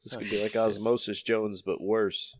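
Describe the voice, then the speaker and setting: A man co-hosting a casual comedy podcast, dropping deadpan absurd one-liners. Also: fairly low pitch, normal speed, no echo. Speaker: podcast co-host.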